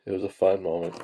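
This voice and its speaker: A man who hoards pennies as a hobby sorts coins while telling rambling anecdotes, chuckling as he goes. His voice is deep and dark-toned, with a little hiss or hum in the recording.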